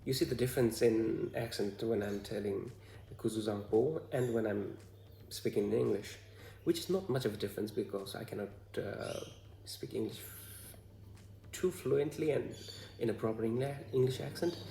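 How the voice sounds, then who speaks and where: A man from Bhutan with a Bhutanese accent, talking to the camera in a hesitant, halting way full of fillers. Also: medium pitch, gravelly, dark tone, reverberant. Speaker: vlogger. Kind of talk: casual talk to camera.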